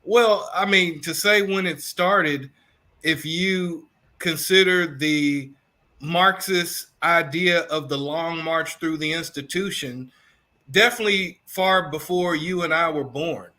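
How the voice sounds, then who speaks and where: Man, Southern accent, interview guest, slow, measured, fairly high voice. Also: bright, forceful tone. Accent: Southern American. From Kentucky. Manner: measured, thoughtful, many fillers. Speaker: guest teacher. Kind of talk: interview answers.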